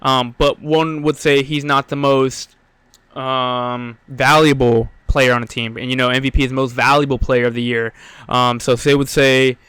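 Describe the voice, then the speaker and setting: A man's voice: medium pitch, little pitch movement, moderate pace, a bit bright, clean tone, dry recording. Winded young man ranting on a sports podcast. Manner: rambling, filler-heavy, blunt and profane. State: out of breath. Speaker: podcast host. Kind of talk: solo sports podcast rant.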